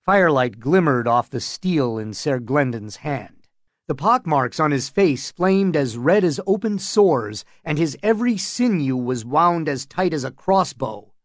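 A man reading an audiobook in calm, measured storytelling. He takes his time, in a voice that sits a little high for a man. The recording is dry and close-miked. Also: no room sound. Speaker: narrator. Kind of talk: scripted audiobook narration.

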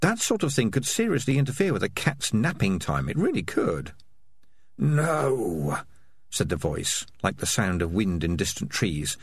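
A man narrating a storybook in a measured, lightly dry manner. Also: sits low, very animated, breathy edge, no room sound. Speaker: audiobook narrator.

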